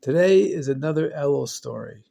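A man hosting a storytelling show, narrating a tale slowly and deliberately, with long pauses. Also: on the high side, lively intonation, gravelly, mellow. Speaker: storyteller host.

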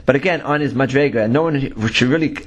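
A man teaching a religious lesson, speaking in a halting way with many fillers and restarts. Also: mid-range voice, dull audio. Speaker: Torah teacher.

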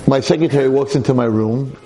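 A man's voice: mid-range voice, fast, a little hiss or hum, poor audio. A male rabbi telling a story in a sermon to a room of boys, acting out every voice. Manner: animated, acts out every voice.

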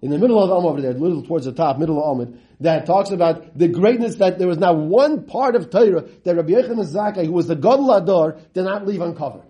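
Animated man teaching Talmud. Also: fast talker, few pauses. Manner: animated, rhetorical questions, dramatic pitch swings. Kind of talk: Talmud lesson, reading and translating.

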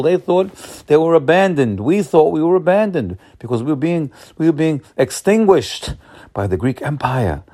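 A fairly high-pitched man who comes across as a rabbi preaches a holiday sermon. Hesitant and full of fillers at first, he works up to excited bursts of emphasis.

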